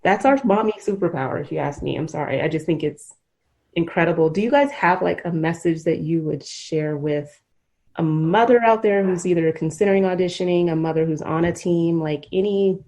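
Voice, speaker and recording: Low-pitched middle-aged lady podcast host, earnest and rambly. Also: brisk, dark tone. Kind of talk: emotional conversational interview.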